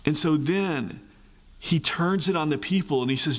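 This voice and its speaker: Man, pastor, sermon, animated, repeats for emphasis, somewhat high pitch, reverberant church hall. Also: moderate pace. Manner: animated, repeats phrases for emphasis, acts out voices.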